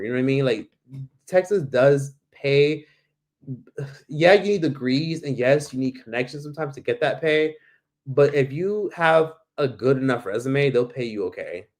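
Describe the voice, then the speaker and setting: A man chats loosely through a live Q&A from home, his voice at an ordinary middle pitch. He rambles, packs every sentence with "like" and "literally", and slips into the voices of the people he quotes. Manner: rambling, fills talk with "like" and "literally". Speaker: YouTuber hosting a live Q&A. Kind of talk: casual livestream chat.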